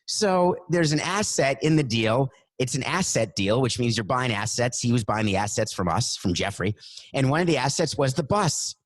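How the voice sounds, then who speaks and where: A middle-aged man on a sports talk show, telling an animated anecdote and acting out the phone calls in it. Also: mid-range voice, moderate pace, dry recording. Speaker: guest storyteller.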